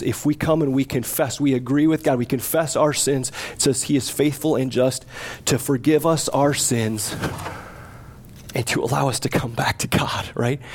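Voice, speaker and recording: Earnest, husky-voiced man pastor. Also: mid-range voice, fairly even intonation, moderate pace. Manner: earnest, gently pleading, with soft laughs. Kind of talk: sermon. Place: church sanctuary.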